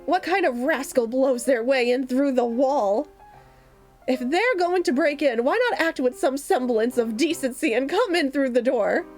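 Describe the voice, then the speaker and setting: A woman's voice: high-pitched, expressive, normal speed, a little mellow, soft background music. A woman reading the lines of a haughty, aristocratic young male pigeon in a pompous, indignant manner.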